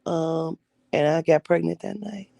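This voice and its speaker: Woman, young adult, gravelly and dark-toned; blunt, profane personal storytelling. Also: low voice, unhurried, no echo. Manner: blunt, profane, acts out quoted voices. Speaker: vlogger telling her life story.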